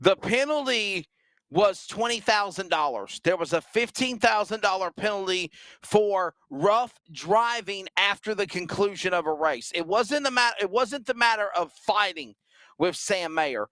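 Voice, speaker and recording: A man's voice: high-pitched, pushed and bright, dry recording. A man hosting a casual motorsports talk show from a home studio, talking into a headset in a chatty, easygoing way. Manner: playful baby talk with his dog, then chatty hosting. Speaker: show host.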